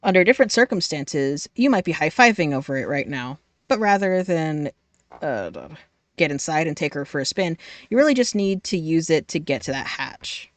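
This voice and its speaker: A woman's voice: low voice, sing-song, normal speed, dry recording. A young adult woman streaming a game live, reading its text aloud in a profane, playful way.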